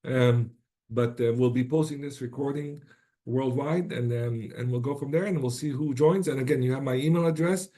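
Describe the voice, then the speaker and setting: A man's voice: mid-range voice, normal speed, mellow. A man with a slightly worn-out voice wrapping up an online presentation, informal and encouraging, often checking in with "right?". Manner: informal, many restarts and rhetorical "right?". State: slightly lost voice.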